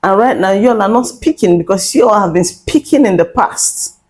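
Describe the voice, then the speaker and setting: A woman's voice: medium pitch, lively intonation, normal speed, a little mellow, poor audio. A woman hosting a commentary channel, talking straight to her viewers in an emphatic, repetitive and mocking way. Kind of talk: direct-to-camera commentary.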